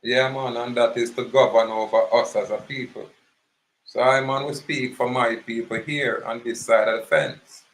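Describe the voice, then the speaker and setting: A man with a Jamaican accent and a mid-range, fairly even voice delivers an impassioned, preachy monologue at normal speed. He speaks as an activist, emphatic and repetitive, on a low-quality recording with slight background noise.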